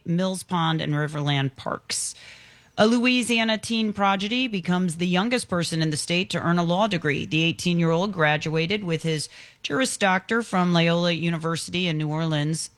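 A woman's voice: on the low side, no room sound. A woman in her fifties, a news anchor reading local stories and chatting with co-hosts. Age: 50s. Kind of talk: morning news reading and banter.

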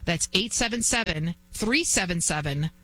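A woman's voice: fairly low pitch, animated, normal speed, sharp tone, soft background music, low-quality recording. A woman in her forties hosting talk radio, telling an indignant story and acting out a quarrel. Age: 40s. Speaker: radio host.

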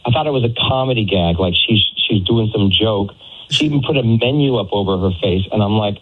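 A man's voice: mid-range voice, expressive, a little fast, slightly rough. A man on a phone call telling a radio host his side of a date, hesitant, with many fillers. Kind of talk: telling a story over the phone. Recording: phone line.

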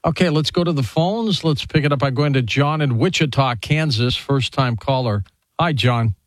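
A man hosting a call-in radio show, brisk and friendly as he takes calls. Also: mid-range voice, dry recording. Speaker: radio host.

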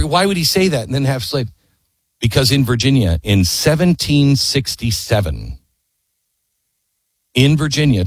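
A man's voice: medium pitch, breathy edge, no echo. A man telling history as an impassioned story, earnest and emphatic, firing rhetorical questions and urging his listeners to hear every part. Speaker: history speaker.

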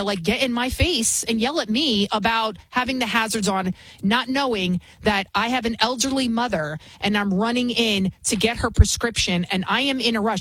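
Woman, 40s, radio talk host, combative rant, slightly husky tone, dry close sound. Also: on the high side, no echo, rough recording. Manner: combative, ranting storytelling. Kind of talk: opinionated radio monologue.

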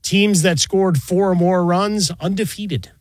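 A man co-hosting sports talk radio, wry and animated, speaking into a studio microphone. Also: high-pitched, a little slow, dry recording.

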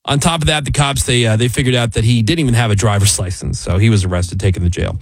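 A middle-aged male host telling odd news stories in a lively, chatty way. His voice jumps high whenever he acts out what people said. The sound is close and dry, with no room echo. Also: fast talker. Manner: animated storyteller, jumps high when quoting people. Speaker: radio show host. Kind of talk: casual banter, telling funny news stories.

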